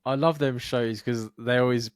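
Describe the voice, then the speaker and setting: A man's voice: medium pitch, steady tone, moderate pace, clear, resonant tone, dry recording. Dry-miked, blunt-talking male co-host. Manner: laughs often, swears, gives blunt advice. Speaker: podcast co-host. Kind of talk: casual chat.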